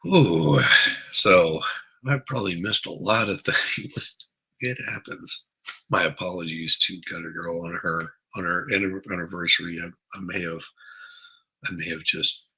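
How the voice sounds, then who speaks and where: A man's voice: low voice, measured pace, bright, forceful tone, husky, rough recording. A groggy man hosting a casual morning livestream from his basement on a headset, rambling, repeating words and greeting viewers by name. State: groggy after a late night. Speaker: livestream host. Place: basement room at home.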